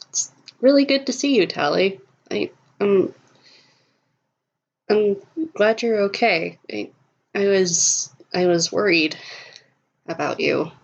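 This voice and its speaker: A woman's voice: mid-range voice, creaky. A jittery male cartoon toon who trips over his own words and stammers anxiously, as a woman puts him on in a tabletop game. His voice sits at a middling height and comes through a slightly dull, lo-fi recording. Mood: relieved. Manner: stammering, anxious, soft-spoken. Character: flustered nervous male toon artist.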